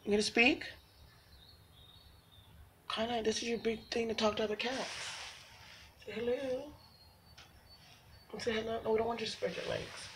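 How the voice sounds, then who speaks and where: A woman's voice: on the high side, steady tone, moderate pace, pauses often, noisy background. A woman filming her cats at home, talking to them in coaxing baby talk and laughing often. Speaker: cat owner filming her pets. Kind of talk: casual home video chat. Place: at home, indoors.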